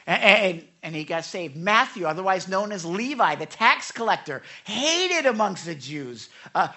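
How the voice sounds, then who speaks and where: A woman delivers an animated sermon in a mid-range, slightly slow voice. She frequently stammers and repeats words, and she acts out the people she quotes.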